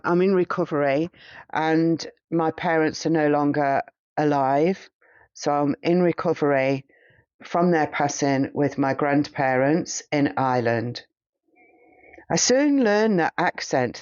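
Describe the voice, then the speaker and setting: Halting man recalling a past life. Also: a little high, no room sound, lo-fi sound. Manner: halting, hesitant, searching for words. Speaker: past-life regression client. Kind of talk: recounting a past-life regression in first person.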